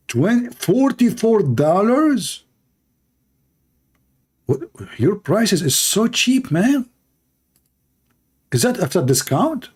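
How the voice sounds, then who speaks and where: Sarcastic live-stream commentary comes from a man with a slightly high, darkish voice, hosting a channel and reacting to a video. He mocks what he sees, using non-native English phrasing.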